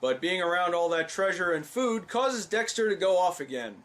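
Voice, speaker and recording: Young guy snarking over cartoon clips, kinda high voice. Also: animated, normal speed, background noise. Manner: dry, mocking. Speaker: video host. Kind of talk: sarcastic commentary over clips.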